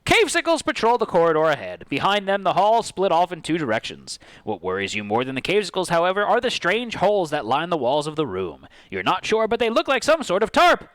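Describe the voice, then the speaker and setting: A man's voice: sits high, wildly swooping pitch, fairly quick, hardly any pauses, a bit bright, dry recording, poor audio. Man narrating a tabletop adventure. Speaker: game master. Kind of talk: reading tabletop game story aloud.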